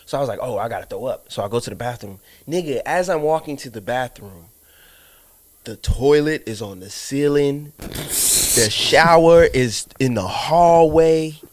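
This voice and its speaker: A man's voice: medium pitch, moderate pace. A man co-hosting a casual podcast, telling a personal story with lots of swearing and acting out what he said. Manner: animated storyteller, acts out his own lines, swears often. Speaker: podcast co-host.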